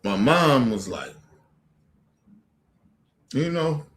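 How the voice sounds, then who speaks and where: A man talks to his stream viewers in a blunt, rambling, profane manner. His voice sits at an ordinary middle pitch. The room around him rings with noticeable echo. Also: very animated, extremely slow, a bit bright, a little hiss or hum. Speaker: live stream host. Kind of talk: casual storytelling to viewers. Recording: echoey room.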